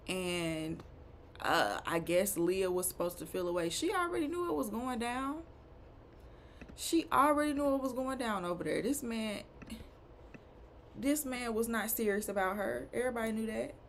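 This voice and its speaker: A woman's voice: lowish voice, a little hiss or hum. A woman giving a chatty, opinionated recap of a reality show, full of rhetorical questions and asides. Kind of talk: casual recap rant.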